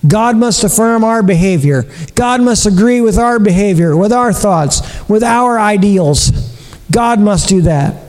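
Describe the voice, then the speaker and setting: A man's voice: high voice, a little mellow, long reverb tail, rough recording. A man preaching a sermon as pastor, earnest and repetitive, asking his listeners rhetorical questions. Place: church.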